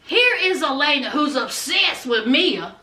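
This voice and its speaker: A woman giving a chatty, animated recap of a TV episode, calling her viewers "honey" and "child" as she talks. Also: high-pitched, unhurried. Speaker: TV episode reviewer. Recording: roomy, distant from mic.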